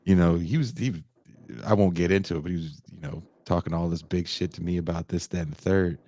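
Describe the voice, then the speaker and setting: A man in his forties talks with a notably deep voice. The recording is dry and close, with no room sound. As a podcast host he tells a story in a lively, casual way and gives the people in it their own voices. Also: quick pace, no room sound. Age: 40s.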